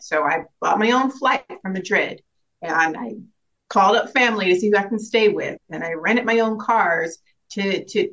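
A young woman speaks at a medium pitch in a relaxed interview. She is reflective and earnest, and she often starts a sentence over or laughs between thoughts. The recording has a slightly dull, lo-fi sound. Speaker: actress guest. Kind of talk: casual interview.

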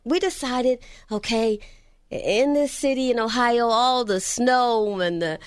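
A woman's voice: fairly high pitch, slow pace, clear, resonant tone, dry recording, clean studio sound. A middle-aged woman from Texas preaching a sermon on prayer, telling stories fervently and at times dropping to a whisper.

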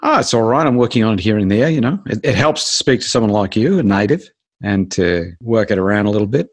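A middle-aged man talks in a casual interview, playful and quick with a joke. His voice is on the low side and sounds dry and close to the mic. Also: animated, no echo. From Hollywood, United States. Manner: playful, jokey. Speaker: guest, actor and impressionist.

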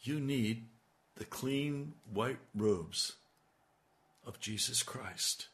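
A male preacher delivering a sermon at an unhurried, measured pace. He leans into his points with emphatic, urgent appeals and rises in force on key lines. His pitch sits in the middle range. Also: fairly bright tone. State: hiccups. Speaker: radio preacher.

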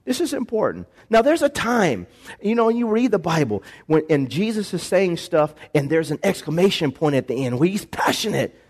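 A man's voice: a little high, very animated, moderate pace, breathy edge. A male pastor preaching a sermon in a church on a microphone, calling for responses from the congregation and shifting pace and volume.

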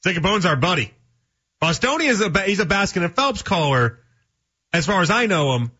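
A man's voice: sits high, sing-song, a little fast, pushed and bright, breathy edge. A man hosting a sports talk radio show, rambling through folksy analogies and chatting with callers. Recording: dull lo-fi radio broadcast sound.

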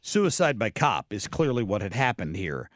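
On a dry, close studio mic, a man hosts an opinionated talk radio show, stumbling through fillers and restarts while bluntly and sardonically discussing the news. His lowish voice has big pitch swings and moves at normal speed, with no echo.

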